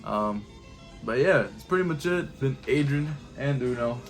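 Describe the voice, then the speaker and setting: Young man, casual storytime vlog, animated, slangy, swears, faint music under. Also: medium pitch, measured pace. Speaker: YouTube storyteller.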